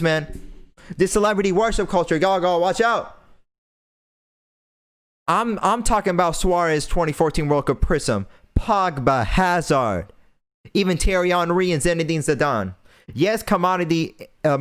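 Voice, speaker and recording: A young man hosting a podcast, delivering an impassioned, preachy rant and repeating phrases for emphasis. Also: fairly high pitch. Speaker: podcast host.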